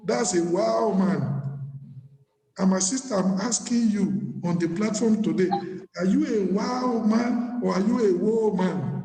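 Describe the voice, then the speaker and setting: Pastor preaching slowly in an echoey hall. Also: male voice, sits high, dark tone. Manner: preaching with humor and wordplay, laughing often. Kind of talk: sermon.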